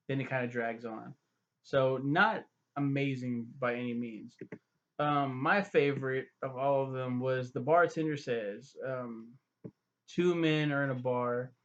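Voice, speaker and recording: A man's voice: mid-range voice, highs cut off. A young man giving a profane, rambling, sarcastic review, full of fillers. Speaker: web series reviewer. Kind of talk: casual ranting review.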